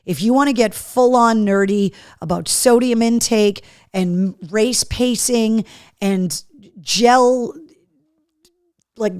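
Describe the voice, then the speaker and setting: A woman's voice: on the high side, slow pace, darkish tone, smooth, no room sound, studio quality. A woman hosting a live show in casual chat, talking easily and reading viewer comments aloud. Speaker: host.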